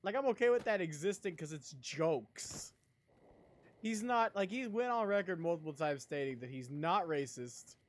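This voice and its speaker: A man's voice: a little high, animated, moderate pace. A young man live-streaming, chatting casually in a rambling, profane way and laughing a lot. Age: young adult.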